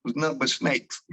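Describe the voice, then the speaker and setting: A towboat captain with a South Louisiana accent spins yarns in a casual interview, his voice sitting at an ordinary middle pitch. He rambles with slang and restarts, laughs often, and jumps into the voices of his crew as he goes. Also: rough recording. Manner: animated storyteller, laughs often, acts out quoted crew voices.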